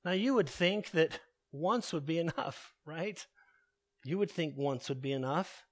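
Man, preacher, sermon, high voice, slow, deliberate, repetitive emphasis. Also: animated. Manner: slow, deliberate, repeating key phrases.

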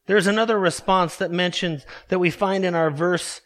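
A man preaching a sermon in an emphatic, measured way, leaning on key words. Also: sits high, steady tone, a bit bright. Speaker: pastor.

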